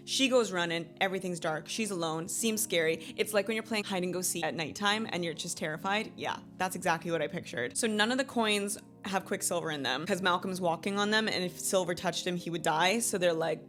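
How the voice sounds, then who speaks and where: A woman in her thirties hosting a book club recap, telling the plot in a lively, gossipy way and laughing often. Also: fairly low pitch, quick pace, few pauses, faint music behind. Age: 30s. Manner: animated, gossipy, laughs often, acts out quotes.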